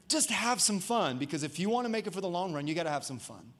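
High-voiced animated man preaching. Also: fairly quick. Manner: animated and conversational, jokes with the congregation. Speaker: pastor. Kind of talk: sermon. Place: church auditorium before a congregation.

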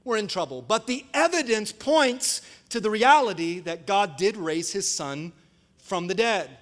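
This storytelling sermon comes from a man whose voice runs high and bright, though his pace stays measured. He animates each quote, shouting and laughing as he goes. The church sanctuary adds a lengthy hall echo.

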